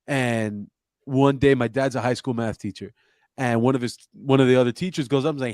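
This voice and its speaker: A man from South Florida, a comedian guest telling stories in a loose, profane, deadpan way on a podcast. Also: medium pitch, a little fast, no room sound, studio quality. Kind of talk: casual podcast chat, storytelling.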